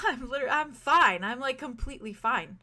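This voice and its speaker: A relieved young man insists he has never felt better, his reassurances spilling out in a breathless rush, as a woman voices him. The tone is bright and forward. He is a figure in a tabletop role-playing game. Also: sits high, animated, unhurried, voice pushed up, exaggerated voice. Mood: overjoyed.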